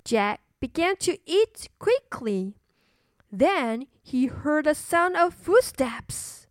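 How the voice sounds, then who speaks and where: A woman narrating a children's storybook and teaching English words, clearly and slowly, repeating words for learners. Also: high voice, very animated, no echo, studio quality. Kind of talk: bilingual children's story narration and vocabulary lesson.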